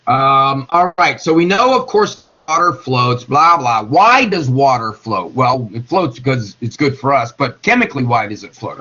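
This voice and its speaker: Chemistry teacher, middle-aged man, folksy and jokey, lively sing-song delivery, husky voice on a dull classroom recording. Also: mid-range voice, normal speed, hardly any pauses. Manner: folksy, jokey, talks to students by name. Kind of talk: classroom lecture.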